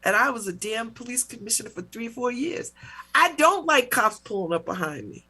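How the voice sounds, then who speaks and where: A middle-aged woman hosting a talk show, telling a personal story in a casual, animated way, with mock-indignant retellings. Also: a little high, normal speed, husky. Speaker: radio talk show host.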